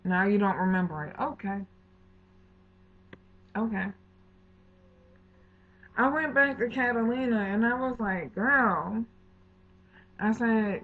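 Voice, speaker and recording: A woman's voice: a little high, slow, pauses often. Indignant woman telling a storytime vlog. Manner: heated, indignant retelling with slangy asides and quoted dialogue. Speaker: vlogger. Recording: tinny phone-like audio.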